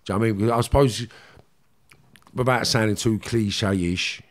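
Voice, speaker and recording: A man's voice: lowish voice, fairly quick. Middle-aged London man, ex-gangster interview guest, blunt, raw and emotional. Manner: emotional, blunt, swears freely, acts out dialogue. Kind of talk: candid interview storytelling.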